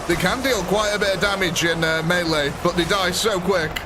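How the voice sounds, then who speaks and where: A man's voice: sits high, normal speed, background noise. A man hosting a live gameplay stream, chatting casually and joking with viewers as he commentates. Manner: chatty, jokey, reads out viewer names. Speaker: livestream host. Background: game music.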